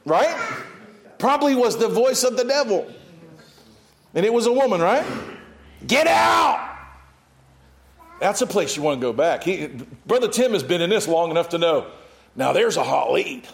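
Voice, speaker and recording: High-voiced animated male preacher. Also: a little fast, gravelly, a little hiss or hum. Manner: animated, reads scripture then asides. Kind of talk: sermon.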